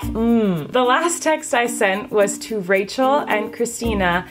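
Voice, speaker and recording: A woman's voice: unhurried, few pauses, over music. Bubbly chatty woman vlogging to camera. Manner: bubbly and chatty, animated pitch jumps. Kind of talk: casual vlog chat to camera.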